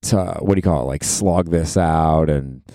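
A man in his forties from Florida telling a story on his podcast, casual and profane, jumping into high exasperated outbursts. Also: normal speed, dry recording, studio quality. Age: 40s. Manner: animated, swearing, swooping up into high exasperated outbursts. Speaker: podcast host.

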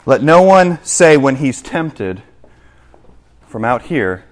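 Animated male pastor preaching. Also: mid-range voice, slow. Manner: animated, acts out scenes, asks the congregation "right?". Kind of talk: sermon. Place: church.

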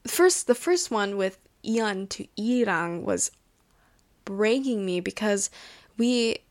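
A woman's voice: mid-range voice, animated, slow pace, no echo. A young woman hosting a casual show, gushing and rambling emotionally with many restarts. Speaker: podcast host. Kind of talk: casual chat.

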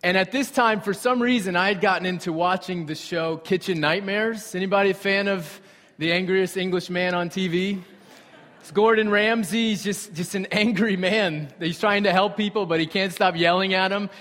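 A young man preaching a sermon with animated storytelling and conversational asides to the congregation. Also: sits high, moderate pace. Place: church sanctuary. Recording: reverberant hall.

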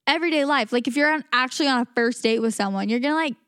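Lady podcast cohost, chatty, acts out little quotes, pretty high voice, dry close mic. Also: very fast, fairly bright tone, smooth, no echo. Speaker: podcast co-host. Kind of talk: casual chat.

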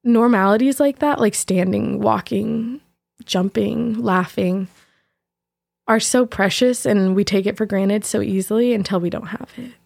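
A young woman speaks as the host of her own podcast, telling a personal story in a reflective, candid way. Her voice sits at a medium pitch, and soft laughs come between her thoughts. The recording is dry and close, with no room sound. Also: a little slow, creaky, dry recording.

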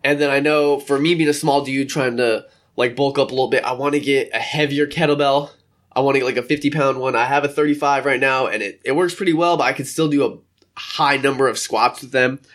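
A man's voice: medium pitch, fairly even intonation, fairly quick. A young man in casual, rambling vlog chat, talking from a room by a window and acting out little quotes. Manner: rambling, chatty, acts out quotes. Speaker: vlogger.

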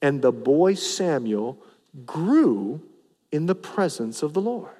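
Brief: lively male pastor, high voice, preaching with big swings, long church reverb. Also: slow pace. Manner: animated, acts out the people he preaches about, voice rising and dropping. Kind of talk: sermon. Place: church sanctuary.

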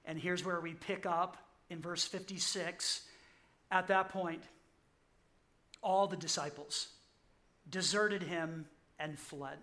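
A man preaching a sermon, telling the story vividly, acting out quotes and repeating key lines slowly. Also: high-pitched, steady tone, bright, forceful tone. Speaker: pastor.

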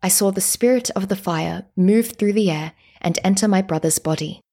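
A woman reading a story in the first person, with a calm, steady reading manner. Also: mid-range voice, normal speed. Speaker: narrator.

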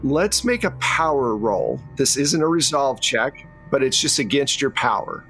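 A man running a tabletop role-play game as game master, narrating scenes in a calm storytelling manner. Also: mid-range voice, measured pace, faint music behind, rough recording. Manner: calm storytelling, drops into character voices.

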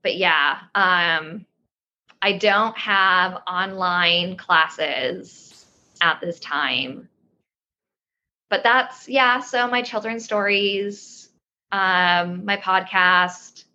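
A woman's voice: fairly low pitch, drawn-out words, sharp tone, dull audio. A woman in her thirties, a yoga teacher guest on a podcast, explaining things in a rambling way with many restarts. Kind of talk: casual interview talk.

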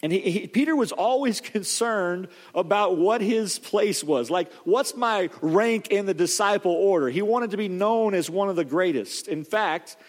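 A man preaching with a high, lifted voice, telling the story with animated drive and frequent restarts. His words ring out with a long reverb from a large hall. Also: a little slow, hardly any pauses. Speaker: pastor. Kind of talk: sermon.

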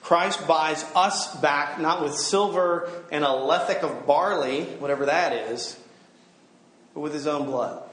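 A man's voice: on the high side, a little slow, a bit bright, echoey room. A middle-aged man giving a sermon to a gathered audience, talking casually, joking and asking the room questions. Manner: conversational, humorous, asks the room questions. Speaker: campus minister.

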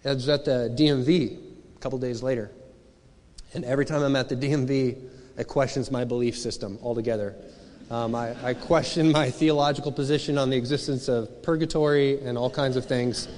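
A man preaching in a church hall, his mid-range voice carried by a long reverb. He talks in a relaxed, searching way and keeps asking his listeners questions. The tone is earnest and conversational rather than grand. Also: mid-range voice, brisk. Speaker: pastor. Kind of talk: sermon.

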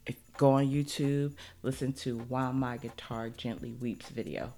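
A woman in her thirties hosting a podcast, chatting casually and excitedly, laughing often as she gives listener shout-outs. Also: extremely low pitch, normal speed. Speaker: podcast host. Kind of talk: casual solo podcast chat.

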